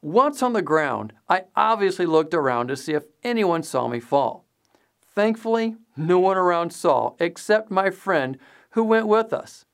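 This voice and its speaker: A speaker tells a personal story in relaxed, scripted narration with a lively, varied intonation. The voice sits at a middle pitch. The story leads into the introduction of a sermon. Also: a little slow.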